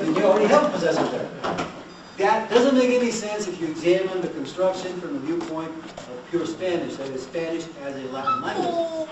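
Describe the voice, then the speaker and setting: Male lecturer, animated and questioning, recorded from afar over steady room noise. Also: fairly high pitch. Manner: animated, asks the class questions and has them repeat. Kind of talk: classroom language lecture. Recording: echoey room, mic far off, noisy.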